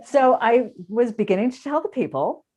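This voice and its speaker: A woman's voice: on the high side, lively intonation, moderate pace, warm tone, slightly rough. A woman from the United States hosting a casual interview chat, chatty and self-deprecating, laughing often. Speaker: podcast host.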